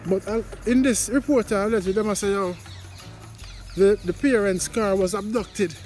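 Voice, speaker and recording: A man's voice: sits high, steady tone, moderate pace, a little mellow, faint music behind. A Jamaican man talking to his viewers in a rambling, casual commentary with lots of repeated greetings. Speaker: vlogger commenting on news.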